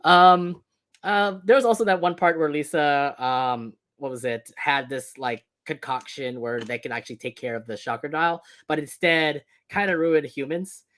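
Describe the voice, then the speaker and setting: A man's voice: fairly high pitch, moderate pace, a bit bright. A man co-hosting a casual movie review chat, laughing often and rambling with fillers. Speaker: co-host.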